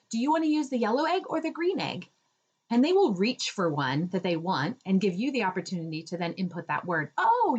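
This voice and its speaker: A woman, a speech therapist, talking parents through home activities with plenty of "um" and "right?", now and then slipping into a bright, slow, child-directed voice to show how it's done. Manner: demonstrates child-directed talk with raised pitch and drawn-out words; uses fillers and frequent "right?". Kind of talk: instructional talk to parents.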